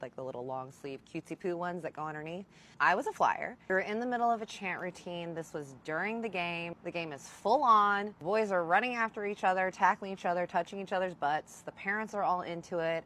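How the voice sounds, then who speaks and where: A young woman telling a casual storytime vlog, animated and playful, swearing freely. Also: on the low side. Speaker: storyteller vlogger.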